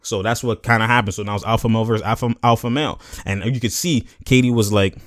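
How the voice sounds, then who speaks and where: A man's voice: fairly low pitch, steady tone, fast talker, dry recording, clean studio sound. A young man doing casual video commentary, animatedly breaking down a basketball clip in slang and acting out what the players said. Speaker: sports commentary vlogger.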